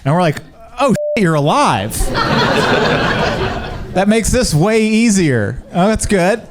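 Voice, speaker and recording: A male comedian telling first-responder stories in a stand-up routine, dry and deadpan, slipping into quick voices. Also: high voice, heavy background noise.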